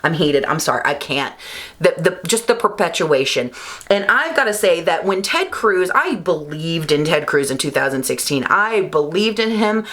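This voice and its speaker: A woman vlogger delivering a heated, emphatic political rant, swearing, her voice climbing high when worked up. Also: sing-song, moderate pace, a bit bright.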